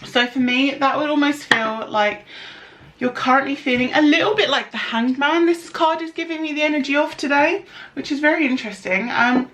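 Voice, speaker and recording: A woman's voice: high voice, normal speed, a bit bright. A young woman from the United Kingdom giving a casual tarot reading, chatty and rambling, with lots of fillers and restarts. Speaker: tarot reader.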